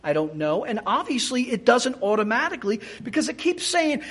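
A man preaching a sermon in a lively, animated way, often acting out quoted speech and restarting words as he thinks aloud. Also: very high-pitched, moderate pace, few pauses. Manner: animated, acts out quoted speech in changed voices.

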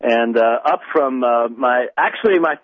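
A man's voice: mid-range voice, normal speed, dry recording. Rambling American man on a tinny line. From United States. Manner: rambling, many fillers and restarts. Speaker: radio show host. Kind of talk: casual call-in show chat. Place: indoors in a home in north London. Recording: dry tinny phone-like line.

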